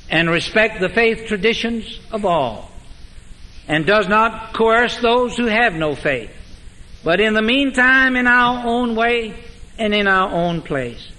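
A man pastor preaching a sermon in a measured, emphatic way, with dramatic pauses, in a large church sanctuary. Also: high voice, bright, forceful tone. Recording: long reverb of a church hall.

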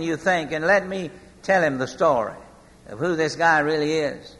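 Bright-voiced male preacher in a hall. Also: a little high. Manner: storytelling, slowing for emphasis. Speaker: pastor. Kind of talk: sermon. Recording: long hall reverb.

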